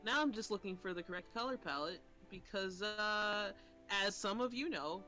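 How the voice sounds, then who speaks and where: A man's voice: high-pitched, normal speed, pushed and bright, soft background music. A young man in his twenties, an artist on a live stream, rambling casually with hesitant fillers.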